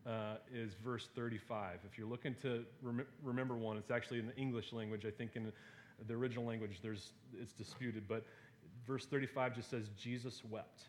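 A man preaching a sermon to a gathered audience, talking in a relaxed, conversational way with fillers and playful asides. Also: medium pitch, brisk, a little hiss or hum.

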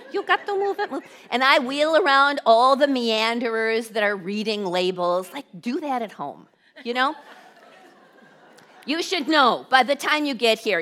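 A woman preacher telling a humorous personal story in a sermon, brisk and animated. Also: on the high side.

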